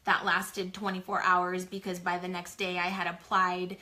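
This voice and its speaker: A woman in her forties telling her business story in a casual live chat, animated and chatty, full of "like". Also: lowish voice, normal speed. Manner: chatty, animated, heavy use of "like". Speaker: small business co-owner sharing her story.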